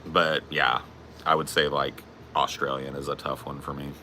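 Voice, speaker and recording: A man's voice: a bass voice, level tone, moderate pace, sharp tone, slight background noise. A man hosting a casual podcast chat, crude and laid-back, calling people bro. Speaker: podcast host.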